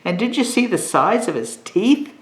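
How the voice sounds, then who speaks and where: A woman voicing a dramatic, fussy young girl in a high, overwrought voice while reading a storybook aloud. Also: big pitch swings, normal speed, natural voice. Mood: insistent. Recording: echoey room.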